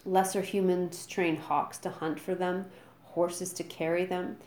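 A woman's voice: fairly low pitch, little pitch movement, measured pace, a little mellow, roomy sound, lightly acted. A woman voicing a giant one-eyed Viking man who screams his orders at a group of boys. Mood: bellowing.

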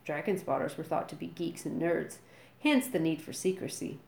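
A woman reading a children's storybook aloud with lively, dramatic delivery. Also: low voice, normal speed, creaky, reverberant.

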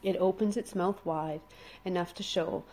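A woman reading a children's adventure story aloud, dramatic and slowing down for suspense. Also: on the low side, fairly even intonation, a little mellow, breathy edge. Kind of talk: expressive storybook read-aloud.

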